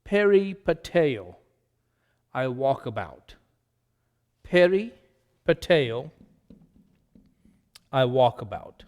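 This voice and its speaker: A man teaching Greek vocabulary, slowly and deliberately repeating each word and its meaning as a drill lesson. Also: medium pitch, very animated, darkish tone, in a large hall.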